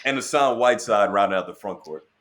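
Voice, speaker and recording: A man's voice: fairly low pitch, fast, fairly bright tone. A man co-hosting a casual sports podcast, upbeat and playful, who also wraps up the episode. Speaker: podcast co-host.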